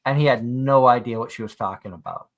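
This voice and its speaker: A man's voice: mid-range voice, a little fast. A man from near Boston with a Boston accent, co-hosting a casual chat and telling rambling stories. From Massachusetts, near Boston. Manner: chatty, rambling anecdotes with restarts. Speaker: podcast co-host.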